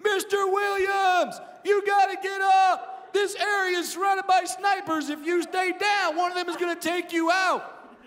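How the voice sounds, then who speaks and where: A man voicing an urgent young male soldier who shouts a warning, on a reverberant stage with audience noise. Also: extremely high pitch, flat delivery, unhurried, some chatter behind, voice pushed up. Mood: alarmed.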